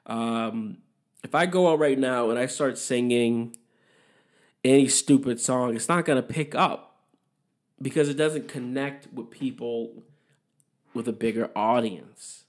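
A man's voice: mid-range voice, unhurried, pauses often. A young man hosting a podcast, rambling through a casual solo monologue, swearing often and giving his opinions. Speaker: podcast host.

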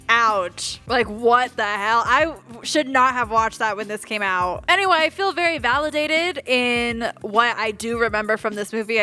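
A woman's voice: on the high side, pushed and bright. A young woman hosting a casual movie reaction video, joking and swearing freely. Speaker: YouTube reaction host.

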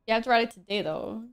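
A woman streaming a game, chatting casually with viewers, joking at her own expense and laughing often. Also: fairly high pitch. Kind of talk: casual gameplay stream chat.

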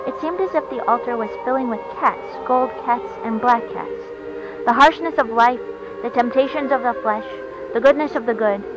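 A woman reading a short story aloud in a calm, even storytelling way, recorded on a dull lo-fi track with faint hiss. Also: a little high, normal speed, music in the background. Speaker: narrator.

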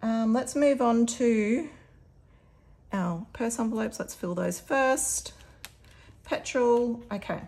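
Aussie lady budget vlogger, chatty and upbeat, counting notes out loud. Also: fairly high pitch, slow, vocal fry, long pauses. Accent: Australian. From Australia. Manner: chatty and upbeat, talking to viewers while counting. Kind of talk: casual vlog, counting cash aloud.

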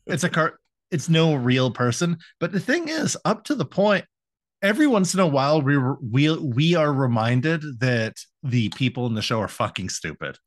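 A man's voice: on the high side, very animated, moderate pace. A young man co-hosting a podcast, retelling an episode in a loose, profane, laughing way. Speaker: podcast co-host. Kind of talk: casual recap chat.

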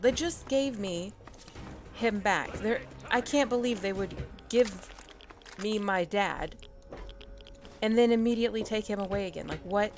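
A young woman gamer giving emotional, ranting commentary while playing, upset and angry, talking back at the characters. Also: medium pitch. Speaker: let's play gamer. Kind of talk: casual gameplay commentary.

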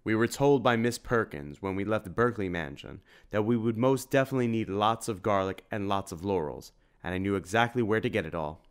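A man's voice: on the low side, fairly quick, few pauses, clear, resonant tone, natural voice. A man doing a formal, earnest hero. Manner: formal, commanding. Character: noble, earnest adult male vampire hunter.

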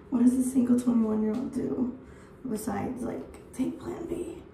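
A young vlogger in her early twenties, voice on the high side, rambles bluntly and swears during a get-ready-with-me chat at home. She talks slowly with fairly even intonation. The background is noisy, and the distant mic catches an echoey room.

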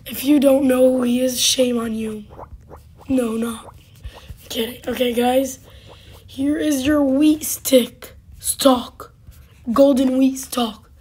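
Hoarse high-voiced woman gaming host. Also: fairly even intonation, dark tone. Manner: halting, with many fillers and sudden drops to a whisper. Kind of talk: casual gameplay commentary.

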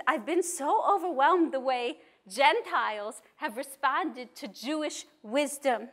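High, slow-spoken woman rabbi. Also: bright, forceful tone. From New York. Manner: measured and emphatic. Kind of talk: conference talk. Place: conference hall.

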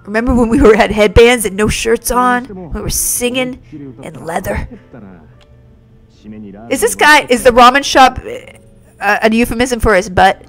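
A woman streaming a video game live, reacting excitably with yelps and exclamations. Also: a little high, normal speed, long pauses. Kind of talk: live gameplay commentary. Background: faint game music.

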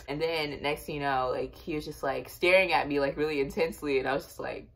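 Young woman, low voice, casual storytime vlog, chatty, lots of fillers. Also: fast talker, few pauses, a bit bright. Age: young adult. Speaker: vlogger.

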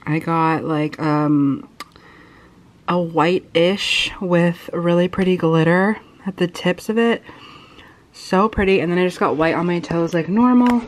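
Slow-talking young woman vlogger. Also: fairly low pitch. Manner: chatty, loose, with many ums and likes. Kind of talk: casual vlog haul chat.

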